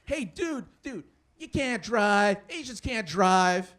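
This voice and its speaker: A man's voice: sits high, animated, takes it slowly, a bit bright, heavily acted. Man doing a taunting angry jobless guy. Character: angry jobless middle-aged male heckler.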